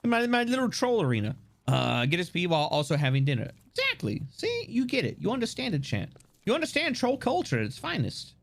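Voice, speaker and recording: A male streamer chatting with viewers as he plays, rambling and playful, with the odd curse and plenty of laughs. His voice sits a little high and swings widely in pitch. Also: wildly swooping pitch, brisk, gravelly. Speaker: live streamer. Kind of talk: casual live-stream chat while gaming.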